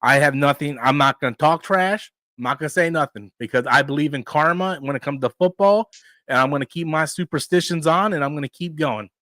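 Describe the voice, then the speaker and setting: Animated ranting man, a bit high-pitched. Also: a little fast, dry recording. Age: 40s. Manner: animated, ranting, swears freely. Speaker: live stream host. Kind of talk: casual live stream chat.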